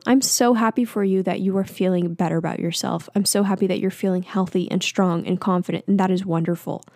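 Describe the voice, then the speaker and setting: A woman's voice: medium pitch, darkish tone, no echo, clean studio sound. A woman in her twenties talking into a mic in a candid, self-deprecating monologue that rambles with fillers. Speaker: vlogger. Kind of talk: casual confessional monologue.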